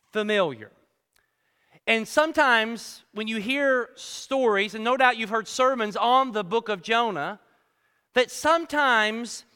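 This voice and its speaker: A man's voice: high-pitched, bright, forceful tone, smooth. A man delivering a sermon in a church, reading scripture and then preaching earnestly with emphatic repetitions. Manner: earnest preaching with rising emphasis and repeated words. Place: church sanctuary. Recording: reverberant hall.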